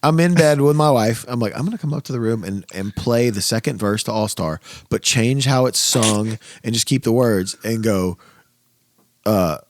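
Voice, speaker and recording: A man hosting a podcast in casual chat, animated and laughing with quick asides. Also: medium pitch. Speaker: podcast host.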